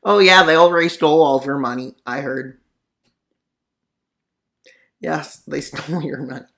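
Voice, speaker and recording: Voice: medium pitch, fairly even intonation, moderate pace, fairly bright tone. A mapping video narrator giving casual commentary on a war scenario, full of sarcastic, rambling asides.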